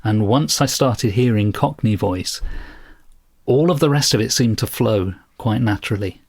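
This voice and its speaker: A man's voice: lowish voice, normal speed, vocal fry, darkish tone, breathy edge. A man co-hosting a book discussion podcast, talking in a thoughtful, self-deprecating way and explaining at length. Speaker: podcast co-host.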